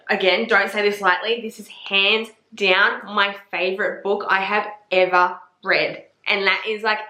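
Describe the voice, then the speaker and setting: Gushing, swearing woman, bright voice. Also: mid-range voice. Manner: gushing, profane, emphatic. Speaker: book reviewer. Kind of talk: casual vlog. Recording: echoey room.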